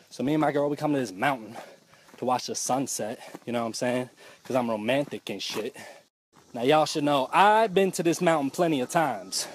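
A young man telling a comic story outdoors on a mountain in a loose, profane, animated way. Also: mid-range voice, normal speed, a little hiss or hum.

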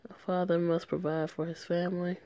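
A woman's voice: fairly low pitch, level tone, fairly quick, warm tone, dry recording, close to an everyday voice. A woman reading as a remorseful young gang member. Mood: earnest. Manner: earnest, emotional read-aloud. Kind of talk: reading a story game aloud.

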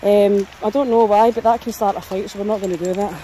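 A woman's voice: mid-range voice, fairly even intonation, fast talker, warm tone, slight background noise, low-quality recording. A Scottish woman chatting casually while walking dogs outdoors, often breaking off to talk to the dogs. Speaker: dog walker vlogger. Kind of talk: casual vlog chat. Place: outdoors on a country path.

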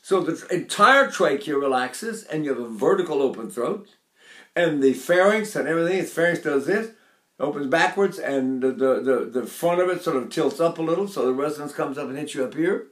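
Older male vocal coach, higher speaking pitch, echoey classroom sound. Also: expressive, fairly quick, a bit bright. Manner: talks to his class, breaks into brief sung and nasal demonstrations. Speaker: voice teacher. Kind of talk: vocal lesson with sung demonstrations.

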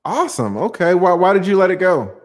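Chatty, animated, fairly high-voiced man. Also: a little fast. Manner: animated, chatty, frequent "uh" fillers. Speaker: host of a live-stream panel. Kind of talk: casual live-stream chat.

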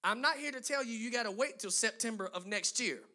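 A man's voice: very high-pitched, fairly quick, bright, forceful tone. A man pastor preaching a sermon to his congregation, building emphatic lists and dropping into conversational asides.

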